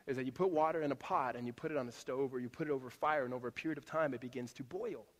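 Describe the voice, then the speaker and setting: A man preaching a sermon as a pastor to a church congregation, talking in a conversational, animated way with frequent restarts. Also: medium pitch, very fast. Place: church auditorium. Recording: long hall reverb.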